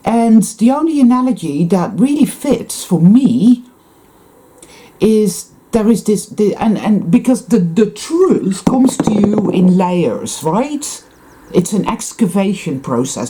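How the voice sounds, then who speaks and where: A spiritual vlogger with a mid-range, dark-toned voice addresses her viewers directly in a rambling monologue. She is intense and profane, swearing often and sighing heavily between thoughts.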